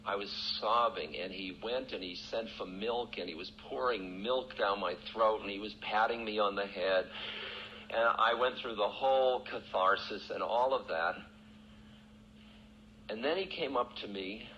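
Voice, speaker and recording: A male spiritual teacher telling a personal story in a candid, self-mocking way, often breaking into laughter. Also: lowish voice. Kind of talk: storytelling talk. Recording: dull, lo-fi archival recording with faint hiss.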